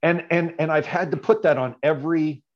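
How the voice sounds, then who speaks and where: A man casually telling a story as a podcast guest, animated and often tagging his lines with "right?". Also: a little high, fairly quick, lo-fi sound.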